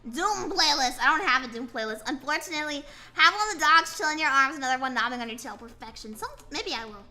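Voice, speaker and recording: A woman's voice: sits high, expressive, fast talker, sharp tone. A tired young woman streaming as a VTuber, chatting casually and rambling while she draws and answers her chat. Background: faint music playing.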